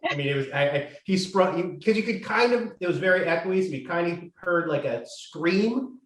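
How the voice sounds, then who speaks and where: A man's voice: high-pitched, normal speed. A man, a film co-director, telling rambling, wry stories in a casual interview. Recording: roomy echo with faint noise.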